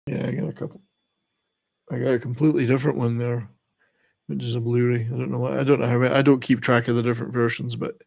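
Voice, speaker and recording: An older man talks through a relaxed live stream in a meandering, chatty way, often chuckling at his own jokes. His voice sits at an ordinary middle pitch with a gravelly, creaky edge. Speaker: channel host. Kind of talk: casual live-stream chat.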